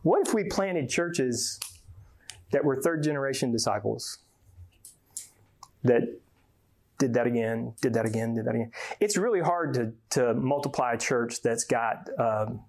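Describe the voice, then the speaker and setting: A man's voice: mid-range voice, a little slow, vocal fry, long pauses, darkish tone. A man from Georgia, giving a folksy, joking conference talk and often repeating words. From Georgia, USA. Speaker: conference speaker.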